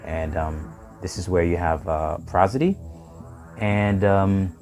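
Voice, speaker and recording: A very low-voiced man gives a live language lesson, switching between several tongues as he explains prosody. He talks in halting bursts full of ums and restarts, with faint music behind him. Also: fairly even intonation, darkish tone. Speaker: language teacher.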